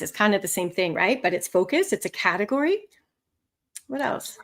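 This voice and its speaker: A woman instructor teaching a live online lesson, animated and expressive, with swooping pitch and frequent laughter. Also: normal speed. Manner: laughs often. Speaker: language test instructor.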